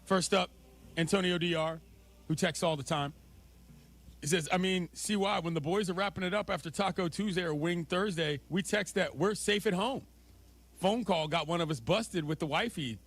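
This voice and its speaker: A man hosting a sports talk radio show, joking and quick in casual banter. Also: high voice, a bit bright. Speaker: radio host.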